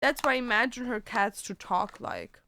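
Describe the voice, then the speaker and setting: A woman's voice: fairly high pitch, background noise. A woman streaming a casual chat from home, cooing sing-song baby talk at her cats and swearing casually between jokes. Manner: swears casually, drawn-out joking phrases.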